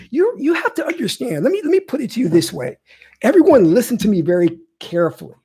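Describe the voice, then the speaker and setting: Husky woman coach ranting on her channel, lively swoopy voice, keeps repeating herself. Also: on the high side, fast talker. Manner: emphatic and repetitive, pleading. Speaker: spiritual coach. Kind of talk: impassioned monologue.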